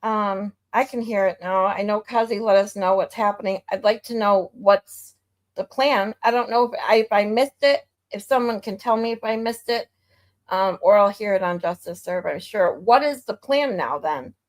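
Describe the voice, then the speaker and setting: A woman's voice: mid-range voice, normal speed. A woman from Michigan hosting a livestream, chatting casually and laughing easily. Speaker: livestream host. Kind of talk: casual chat.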